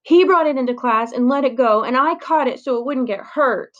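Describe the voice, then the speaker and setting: A woman's voice: high-pitched, a little fast, lo-fi sound, voice pushed up, close to an everyday voice. A woman voicing a rowdy, mocking schoolboy in a children's story reading. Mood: whiny. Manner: loud and teasing. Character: rowdy mocking boy, classroom bully.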